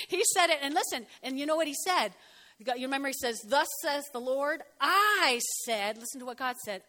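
High, bright-voiced woman preaching. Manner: animated, laughing, swings loud to soft. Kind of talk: lively sermon.

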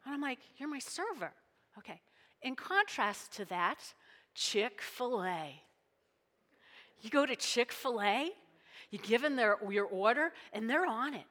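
A woman's voice: on the high side, expressive, measured pace, pauses often, fairly bright tone. A woman preaching a sermon in a chatty, joking way, acting out little everyday scenes. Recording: long reverb of a large hall.

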